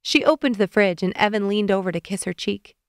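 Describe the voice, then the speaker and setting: A woman reads a romance audiobook in a calm, even voice at a middling pitch. The booth is dead dry and the mic is close, so every word is intimate and plain. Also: a little fast, dry recording. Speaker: audiobook narrator. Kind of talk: scripted romance narration.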